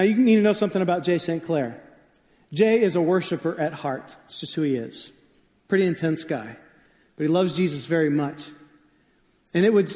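A man in his forties giving a conversational sermon, telling stories in a relaxed way with fillers and asides. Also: high voice. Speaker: pastor. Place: church sanctuary. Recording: long hall reverb.

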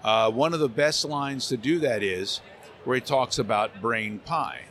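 Unhurried and medium-pitched, this man is a voice actor interviewed at a convention center. He recounts stories in a lively way, dropping into character voices now and then, with slight background noise present.

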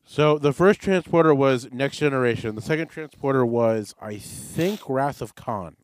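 A man's voice: medium pitch, normal speed, no room sound. A man hosting a podcast in casual chat, rambling and offhand with jokes. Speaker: podcast host.

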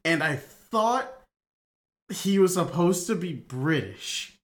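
A man's voice: high-pitched, lively intonation, takes it slowly. Rambling man on a casual podcast. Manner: rambling, many fillers and restarts, laughs at himself. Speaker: podcast co-host.

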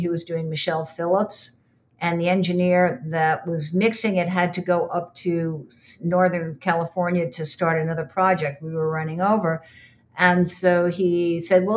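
An older woman with a fairly low voice tells stories from her years as a recording engineer in a relaxed, animated way. She slips into other people's voices when she quotes them. The recording sounds dull and lo-fi. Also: moderate pace. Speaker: recording and re-recording mixer. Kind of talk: casual interview storytelling.

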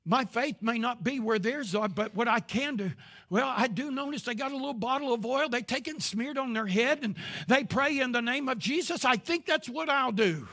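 An older man preaching a sermon as pastor to a live congregation, his passion swelling into shouts. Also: very high voice, normal speed. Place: church service before a live congregation.

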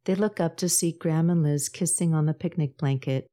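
Calm, low-voiced woman narrator for a podcast storybook. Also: brisk, hardly any pauses. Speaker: author and podcast host.

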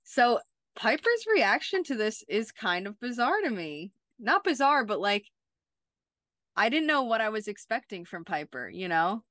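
Speaking a little slowly in a fairly bright, higher voice with big pitch swings, this podcast co-host chats casually through a TV episode recap and says "like" a lot. The sound is dry and studio quality.

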